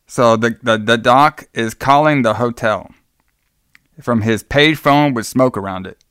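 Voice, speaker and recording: A man recapping a film in a loose, rambling way, peppered with "like" and the occasional curse. His voice is smooth and resonant. It is recorded close in a dry room. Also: mid-range voice, a little slow, a bit bright, no room sound. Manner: rambling, profane, lots of "like". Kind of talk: casual movie recap.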